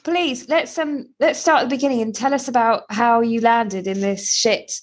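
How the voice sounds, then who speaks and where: A woman's voice: on the high side, fairly even intonation, normal speed. Chatty woman podcast host. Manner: chatty, giggly, self-deprecating. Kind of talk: casual chat. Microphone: video call.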